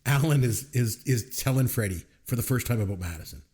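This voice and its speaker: A podcast co-host with a mid-range voice talks a little fast in a casual movie review chat. He's an animated storyteller who acts out the film's lines and scenes and laughs often.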